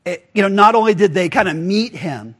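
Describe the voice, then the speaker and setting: A man's voice: high-pitched, animated, a little fast, fairly bright tone, breathy edge. A man preaching a casual, conversational sermon as pastor, often acting out quoted voices with filler words.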